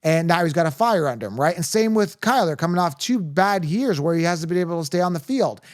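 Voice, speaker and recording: A man hosting a casual sports podcast, energetic and hype-driven, laughing often. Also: a little high, quick pace, no room sound, studio quality. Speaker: podcast host.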